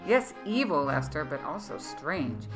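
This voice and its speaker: A woman's voice: deep voice, very animated, unhurried, over music. A woman reading aloud and voicing a brave, headstrong young woman heroine in a fantasy story. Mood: urgent.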